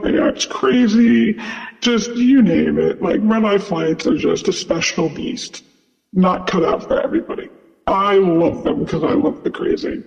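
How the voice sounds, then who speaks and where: A male flight attendant tells a story in a chatty, casual way, peppering it with "like" and "you know." His voice sits high and creaky, and the sound is dull with long reverb.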